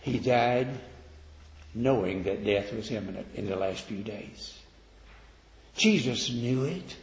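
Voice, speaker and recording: Male preacher, dramatic loud-and-soft delivery, muffled echoey recording. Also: on the low side, animated. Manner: dramatic swings from loud declaiming to quiet, slow emphasis. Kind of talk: sermon. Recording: echoey hall, dull lo-fi sound.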